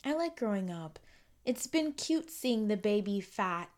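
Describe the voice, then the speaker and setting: Young woman, solo podcast host, earnest and affirming, loops phrases, drifts quiet. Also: mid-range voice, sing-song, a little slow. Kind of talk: reflective solo podcast monologue.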